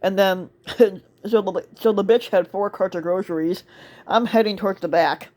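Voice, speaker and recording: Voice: medium pitch, normal speed, a little mellow. A store cart attendant telling a work story in a casual monologue, rambling with lots of fillers, restarts and swearing.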